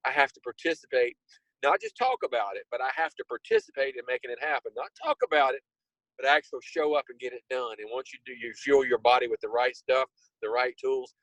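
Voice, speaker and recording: A man's voice: medium pitch, animated, fast talker, a bit bright, dry recording, rough recording. A man in his sixties hosting a video call, giving a motivational talk with emphatic repetition. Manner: emphatic, repeats key words. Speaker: host.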